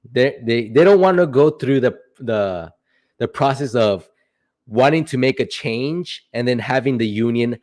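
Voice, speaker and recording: A man's voice: mid-range voice, a little mellow. A young man hosting a casual livestream, answering chat questions in a rambling, playful way with joking asides.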